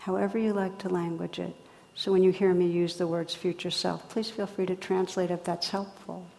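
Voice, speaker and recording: A woman giving a dharma talk as a meditation teacher, speaking in a gentle, reflective way with unhurried phrasing and pauses. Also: on the low side, flat delivery, vocal fry, a little hiss or hum. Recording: long hall reverb.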